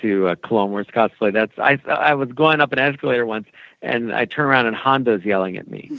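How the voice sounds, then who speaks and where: A man's voice: mid-range voice, a little fast, lo-fi sound. A man being interviewed as an animation producer, rambling and friendly with many fillers. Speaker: animation executive producer, guest. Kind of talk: casual podcast interview.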